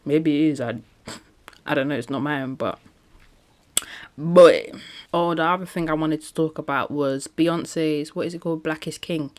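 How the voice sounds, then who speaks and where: A woman's voice: low-pitched, normal speed, a little mellow. A woman talking casually in a solo podcast, chatty and emphatic, often laughing between points. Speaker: podcast host.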